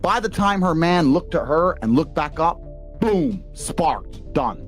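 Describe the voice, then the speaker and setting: Faint music plays behind a British man with a fairly high voice who takes his time as a podcast guest. His storytelling is animated, swaggering, and full of swearing.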